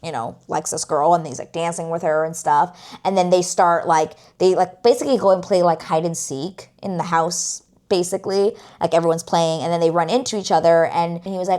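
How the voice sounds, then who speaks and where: A woman with a somewhat low voice talks through a TV series in a casual vlog review. She is outspoken and emphatic, piles up the word "like" and drops the odd swear. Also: brisk, a little mellow.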